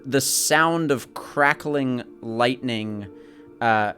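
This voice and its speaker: A man's voice: medium pitch, measured pace, a bit bright. A man narrating a tabletop role-playing game as game master, with vivid descriptions.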